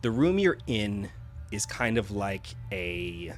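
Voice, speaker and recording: Game master: low-pitched man, casual narration over faint music. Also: sing-song, slow. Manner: casual with frequent fillers.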